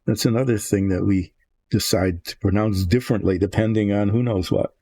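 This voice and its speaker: An older man with a low, gravelly voice narrates his model painting in a relaxed, rambling way. He thinks aloud, wanders off into musings, and restarts his sentences. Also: normal speed, a little hiss or hum. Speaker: miniature painter.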